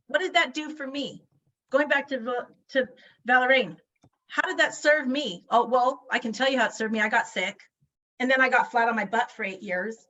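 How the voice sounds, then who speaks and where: A woman's voice: on the high side, bright, forceful tone, dull audio. A woman in her forties giving a motivational talk over a video call, emphatic and full of rhetorical questions. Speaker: guest speaker.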